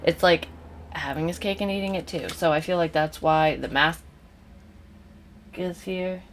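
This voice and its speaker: Low-voiced blunt woman doing a tarot reading. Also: measured pace, slight background noise. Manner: blunt, swears freely, drifts into rants. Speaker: psychic tarot reader. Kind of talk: casual tarot reading to camera.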